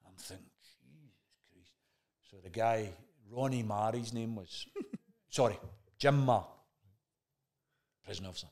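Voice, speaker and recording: Chat show guest: a rough-edged Scottish man who spins a yarn with salty language and plays every part himself. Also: lowish voice, unhurried, long pauses, darkish tone. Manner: swears freely, acts out remembered dialogue. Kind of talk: casual storytelling chat.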